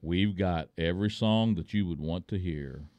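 A man's voice: low-pitched, normal speed, darkish tone, clear, resonant tone, dry recording. A man hosting a radio show, chatting and joking with his co-host in the studio. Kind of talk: casual radio chat.

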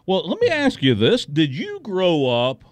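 A man's voice: sits high, wildly swooping pitch, unhurried, no echo. A man hosting a radio show, chatting and joking with his co-host in the studio. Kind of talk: casual radio chat.

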